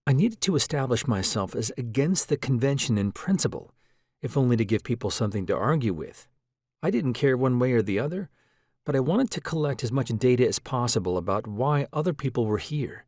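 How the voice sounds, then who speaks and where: A man's voice: medium pitch, lively intonation, fairly quick, a little mellow, dry recording. Man narrating an audiobook, dry close sound. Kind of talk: scripted first-person audiobook narration.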